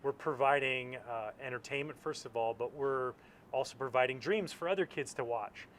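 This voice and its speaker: A man from Canada speaks as an interview guest, relaxed and reflective, with a middle pitch. His talk is full of fillers. Faint outdoor noise sits behind his voice. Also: normal speed. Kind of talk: casual interview chat. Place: outdoors at a ballpark.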